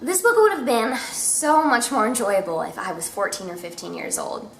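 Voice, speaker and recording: A woman's voice: on the high side, very animated, moderate pace, heavy background noise. A young woman reviewing books in a casual, chatty way, with self-mocking asides, talking at home. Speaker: book vlogger. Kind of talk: casual book review chat. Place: home room with a cat. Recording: echoey room.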